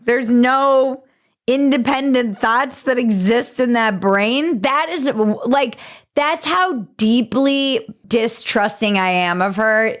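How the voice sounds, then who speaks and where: A woman hosting a podcast, riffing sarcastically in casual comedic commentary. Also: on the high side. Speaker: podcast host.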